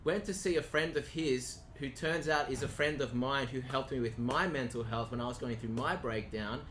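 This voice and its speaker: A man's voice: mid-range voice, normal speed, a bit bright, slight background noise. Earnest man, podcast guest. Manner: earnest and reflective, says "bro". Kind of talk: casual conversation.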